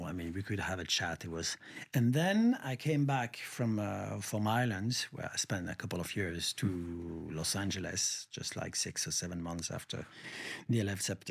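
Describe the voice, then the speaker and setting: A man's voice: on the low side, vocal fry, husky. A middle-aged man from France with a French accent, talking animatedly as a guest in a casual podcast conversation, laughing easily and restarting his sentences. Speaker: guest, baker.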